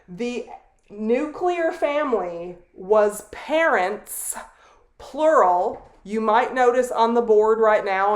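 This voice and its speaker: A middle-aged woman lectures on sociology in a deliberate, explanatory way, pausing for asides and the odd filler. Her voice sits at an ordinary middle pitch, and the room around her rings with a noticeable echo. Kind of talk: recorded classroom lecture. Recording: roomy echo.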